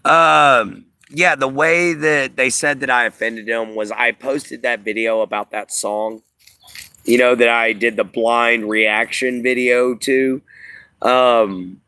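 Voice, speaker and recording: A man hosting a live stream, chatting at length to his viewers. His voice is bright and forceful. He rambles loosely with plenty of fillers. The sound is dry and close, with no room in it. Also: medium pitch, clear, resonant tone, dry recording. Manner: rambling, filler-heavy, talks to chat. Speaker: livestream host. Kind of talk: casual livestream chat.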